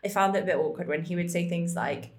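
A woman's voice: lowish voice, quick pace. A young woman co-hosting a frank, casual chat, laughing often and acting out quoted lines. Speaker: podcast co-host.

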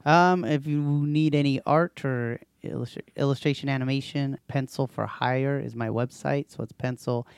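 A man with a gravelly, creaky voice co-hosts a podcast in easygoing, casual chat. He laughs often and talks freely. The recording is dry and close. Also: medium pitch, fairly even intonation, moderate pace, hardly any pauses, no echo. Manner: easygoing, laughs a lot, chatty. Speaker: podcast co-host.

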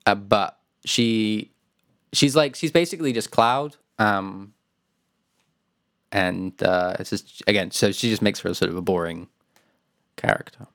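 A man chats loosely about video games as a podcast co-host. His voice sits a little low and sounds close and dry, and he laughs often and trails off into fillers. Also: a little slow, pauses often, fairly bright tone, no room sound.

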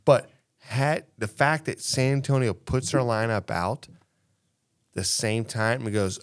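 A man, co-hosting a podcast in casual chat, talking in an animated, emphatic way and repeating himself as he makes his point. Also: mid-range voice, a little slow. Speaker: podcast co-host.

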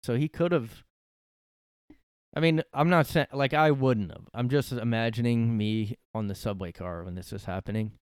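A man's voice: mid-range voice, moderate pace, clear, resonant tone, no room sound, studio quality. A man hosting a solo podcast from his room, ranting sarcastically and swearing a lot. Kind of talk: casual ranting monologue.

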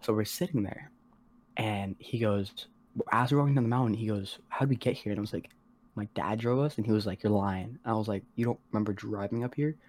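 A teenage podcast co-host with a lowish, slightly mellow voice rambles casually through a story, full of slang, swearing, and constant "like." He keeps slipping into quick impressions of the people he's describing, acting out their voices in a loose, unpolished podcast style.

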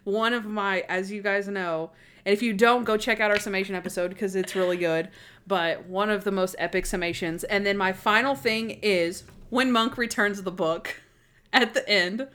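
A woman co-hosting a podcast in casual chat, retelling scenes in an animated way and laughing often. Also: medium pitch, moderate pace, slight background noise. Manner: animated storyteller, acts out quotes with laughter. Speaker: podcast co-host. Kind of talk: casual chat about a TV episode.

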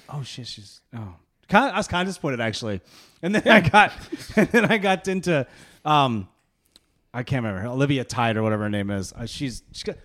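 A man's voice: fairly high pitch, fairly bright tone. A man hosting a podcast in casual chat, rambling through stories and acting out quotes. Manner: fast, rambling storyteller, acts out quotes. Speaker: podcast host.

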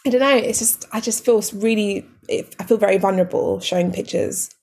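Husky-voiced woman telling dating stories. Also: medium pitch, brisk. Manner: animated storyteller, acts out quoted dialogue. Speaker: podcast co-host. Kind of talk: casual chat.

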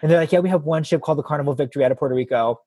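A man with a husky voice, a guest telling an animated story in casual chat and acting out the quotes. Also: fairly high pitch, rapid-fire, no echo.

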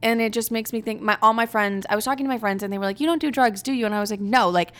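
A woman's voice: on the high side, racing, fairly bright tone. A young woman in her twenties hosting a podcast, chatting casually and candidly, full of "like" fillers and swearing. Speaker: podcast host. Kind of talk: casual solo chat.

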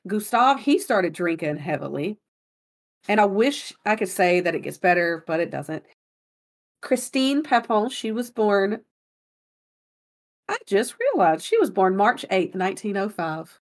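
A woman's voice: medium pitch, very animated, unhurried. A woman co-hosting a podcast, casually telling a story in a chatty way and laughing often. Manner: chatty, laughs often, apologetic about pronunciation. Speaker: podcast co-host.

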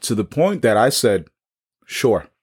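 A man's voice: mid-range voice, animated, normal speed. A man with a New York accent telling his own story in a casual podcast conversation, acting out the dialogue and repeating words as he goes.

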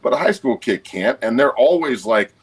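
In a casual podcast chat, a man in his forties swears a lot and talks bluntly and emphatically. His medium-pitched voice is animated with a breathy edge, his pace is moderate, and the recording is rough.

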